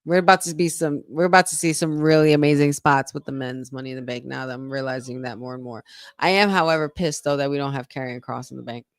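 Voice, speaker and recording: Low-pitched woman, casual podcast co-host, talks live over a match, close dry mic. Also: fairly even intonation, fast, no echo. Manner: chatty, reacts aloud and reads viewer comments. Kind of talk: casual live watch-along chat.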